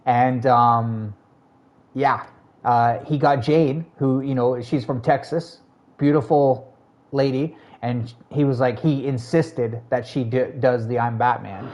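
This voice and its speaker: A man talking casually on a live game stream at an everyday middle pitch. He is chatty and easygoing, greets viewers and answers their messages, and laughs often as he goes. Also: steady tone, takes it slowly, darkish tone. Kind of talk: casual live-stream chat while gaming.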